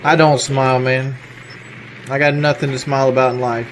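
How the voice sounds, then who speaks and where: A man's voice: medium pitch, little pitch movement, normal speed, a little hiss or hum. A man streaming games talks bitterly and wearily about being washed up, swearing as he goes. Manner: weary, bitter, profane. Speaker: video game streamer.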